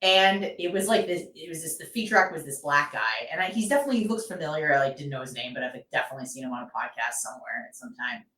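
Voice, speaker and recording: A woman co-host tells a long, lively story in relaxed chat, leaning on fillers as she goes. Her voice sits a little low. She sounds far from the mic in a roomy space. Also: fast, hardly any pauses. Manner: animated storytelling, many fillers. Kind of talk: casual chat.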